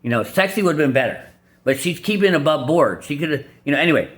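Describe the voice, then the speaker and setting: A man giving blunt, crude dating advice over clips, mocking the people in them with squeaky put-on voices. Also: lively intonation, quick pace. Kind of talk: casual reaction commentary.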